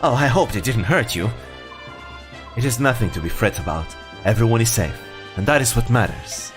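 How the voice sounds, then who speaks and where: A mysterious monk who speaks with calm, gracious serenity, as a man voices him. The voice is lowered slightly and unhurried. Faint game music plays behind. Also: lightly acted. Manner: calm, measured, soft-spoken.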